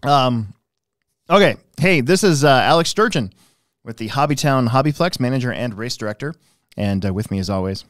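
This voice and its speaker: A man's voice: medium pitch, animated, moderate pace, a bit bright, no echo, clean studio sound. A man hosting a casual hobby podcast, rambling along with plenty of fillers and restarts. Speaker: podcast host, hobby shop manager and race director.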